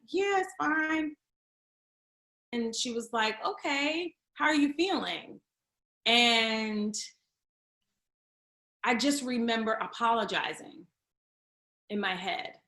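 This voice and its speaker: A woman, a guest comedian, telling a candid personal story in a chat, acting out the voices of the people in it and swinging between hushed and loud. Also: high voice, animated, a little slow, echoey room.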